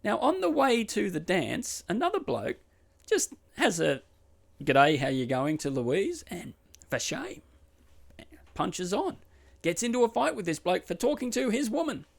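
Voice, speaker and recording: A man's voice: high voice, unhurried, gravelly. Aussie bloke telling a story on his podcast, wry and chatty, voice bouncing up and down a lot. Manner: chatty, wry, animated retelling. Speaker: podcast host.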